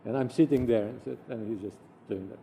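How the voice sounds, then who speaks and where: A man recounting personal anecdotes in an animated way, acting out the voices of the people he quotes. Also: mid-range voice, a little fast, gravelly, slight background noise.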